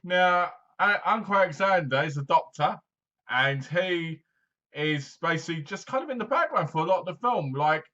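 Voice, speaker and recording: A man talks through a film review in a loose, rambling way, with plenty of fillers. His voice sits a little high and sounds sharp and bright. The recording is dull and lo-fi. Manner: rambling, chatty, full of fillers. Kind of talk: casual movie review.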